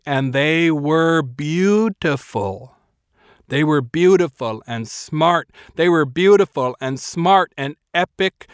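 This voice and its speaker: A man's voice: on the high side, clean tone, no room sound, studio quality. A man narrating a first-person audiobook in a wry, self-mocking storytelling manner.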